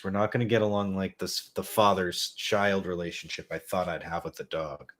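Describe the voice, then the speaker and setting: A man hosting a talk show tells loose, rambling comic stories with casual swearing and self-mockery. His voice is deep and low. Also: steady tone, moderate pace, few pauses, a bit bright. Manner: rambling, profane, self-mocking. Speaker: podcast host. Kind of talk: casual comedic storytelling.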